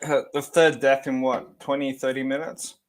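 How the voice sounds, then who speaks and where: A man's voice: mid-range voice, level tone, normal speed. A man co-hosting a podcast, chiming in casually with short, laid-back comments and agreements. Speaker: podcast co-host. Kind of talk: casual chat.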